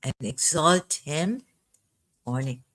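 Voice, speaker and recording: A religious commentator speaks slowly in a medium-pitched, expressive, fairly bright voice, going through a scripture verse word by word. He lingers on single terms and circles back to them, often halting with repeated words and fresh starts, while a cough keeps recurring.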